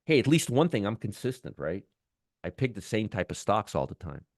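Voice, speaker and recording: A deep-voiced man hosts a trading show in a loose, enthusiastic way, repeating words and breaking off phrases as he goes. His voice is close and dry, with no room sound around it. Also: big pitch swings, fairly quick, no echo. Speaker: stock trading show host. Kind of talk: casual market commentary.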